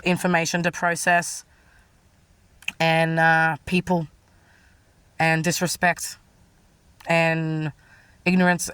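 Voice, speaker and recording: A woman's voice: on the low side, fairly bright tone, clear, resonant tone, no room sound. An Australian woman giving a rambling, distressed, frank personal monologue. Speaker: vlogger.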